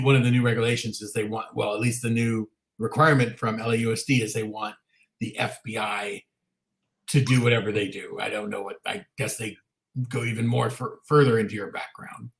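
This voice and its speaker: A man's voice: fairly low pitch, steady tone, a little fast, creaky, fairly bright tone. A man co-hosting a casual talk show livestream, chatty and often restarting his sentences. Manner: chatty, frequent self-restarts. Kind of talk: casual chat. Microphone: livestream setup.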